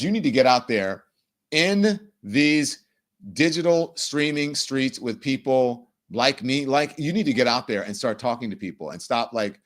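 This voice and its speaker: A middle-aged man hosting a live political commentary stream, ranting in an animated, profane way. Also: medium pitch. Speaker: livestream host.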